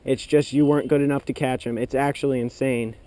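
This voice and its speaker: An excitable man narrating his own fishing trip outdoors, talking to viewers and cheering at every bite. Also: mid-range voice, brisk. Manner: excitable, gasps and cheers at bites. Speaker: fishing vlogger. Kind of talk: excited outdoor vlog commentary. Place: outdoors by a pool of water.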